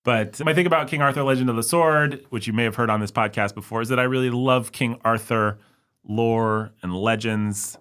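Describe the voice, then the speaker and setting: A man co-hosts a movie podcast in casual chat, rambling, poking fun at himself, and imitating others in jokey voices. His mid-range voice moves at normal speed with a fairly bright, clean tone.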